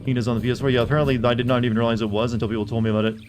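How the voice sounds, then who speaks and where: A man's voice: medium pitch, little pitch movement, rapid-fire, music in the background. A man streaming a game live, rambling and teasing as he answers his chat and reads menu text aloud.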